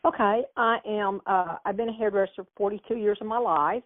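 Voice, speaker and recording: A woman's voice: mid-range voice, fairly quick, dry recording. Friendly woman on a dry phone line. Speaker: guest consultant.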